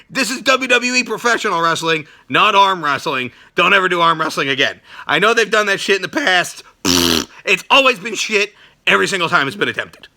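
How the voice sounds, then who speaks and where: A man hosting a wrestling reaction show, ranting loudly and sarcastically and swearing constantly. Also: high voice, vocal fry. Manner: loud, sarcastic, swears constantly, shouts often. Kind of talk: profane ranting review.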